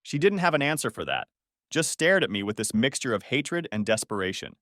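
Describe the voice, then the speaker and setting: A man's voice: medium pitch, sing-song, a little fast, a bit bright, dry recording. A man narrating a first-person story in a dry, sarcastic manner, close to the mic.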